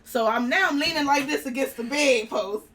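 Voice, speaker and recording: A young adult woman, a guest in an interview, telling a story in an animated way and acting out the people she quotes. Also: high voice, moderate pace.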